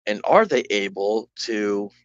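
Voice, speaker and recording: A man's voice: fairly low pitch, animated, takes it slowly, dry recording. A man running a solo tabletop game, narrating casually with rambling, self-correcting speech. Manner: rambling, full of "like" and restarts. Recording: dull lo-fi recording.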